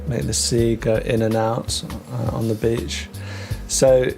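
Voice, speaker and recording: A man teaching English vocabulary, talking through words with many ums and restarts and slowing down on the key terms. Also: mid-range voice, flat delivery, creaky, darkish tone, soft background music. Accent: British English. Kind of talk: explaining vocabulary to learners.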